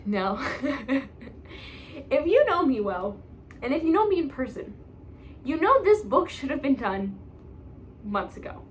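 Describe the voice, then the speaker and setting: A woman's voice: sits high, very animated, unhurried, pauses often, slight background noise. A young woman vlogging casually about her reading pile, rambling, self-mocking and full of fillers. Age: young adult. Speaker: book vlogger. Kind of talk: casual chat.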